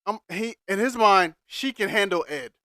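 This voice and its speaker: A man co-hosting a podcast, giving animated, slangy opinions in casual chat. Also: high voice, moderate pace, no echo, clean studio sound. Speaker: podcast co-host.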